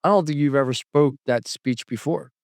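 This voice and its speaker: A man hosting a podcast, chatting casually and telling animated stories, acting out quotes with big jumps in pitch. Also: moderate pace, dry recording, clean studio sound. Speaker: podcast host.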